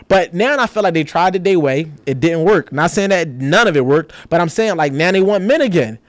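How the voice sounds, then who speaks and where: Fast-talking high-voiced man from Philadelphia. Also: no echo. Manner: animated, profane street talk with mimicked quotes. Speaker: podcast guest. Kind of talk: casual podcast conversation.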